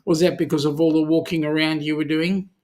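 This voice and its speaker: A man's voice: on the high side, flat delivery, a little fast, darkish tone. An Australian man hosting a charity channel livestream in a casual, chatty way, reading viewer comments aloud and answering them.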